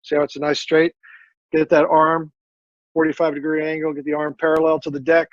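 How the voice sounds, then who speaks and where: Halting earnest veteran man. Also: on the high side, completely flat delivery, muffled recording. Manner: earnest, halting, many fillers and repeats. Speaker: military veteran guest. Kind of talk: casual interview.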